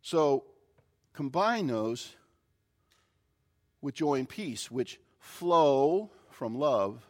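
A male pastor preaching a sermon, opening with a folksy, animated story. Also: mid-range voice.

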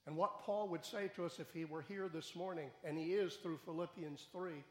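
A man's voice: on the high side, normal speed, echoey room, long reverb tail. A male pastor giving a sermon in a church, speaking earnestly and building to raised, emphatic questions. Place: church sanctuary.

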